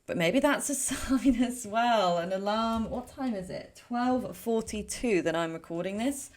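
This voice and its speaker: A woman's voice: on the high side, unhurried. A woman giving a casual pick-a-card tarot reading in a chatty, rambling way, with frequent fillers and self-corrections. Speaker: tarot reader.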